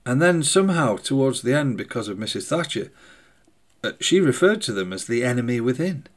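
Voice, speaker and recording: A man hosting a podcast, speaking a slow, thoughtful spoken meditation with hesitant phrasing. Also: medium pitch, very animated. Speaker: podcast host. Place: indoors by a window in the rain.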